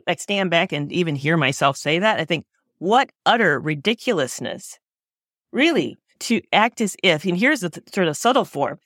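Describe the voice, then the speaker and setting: A woman's voice: on the low side, fairly bright tone, no room sound, clean studio sound. A woman in a reflective conversation, talking in an earnest, searching way and often correcting herself mid-sentence.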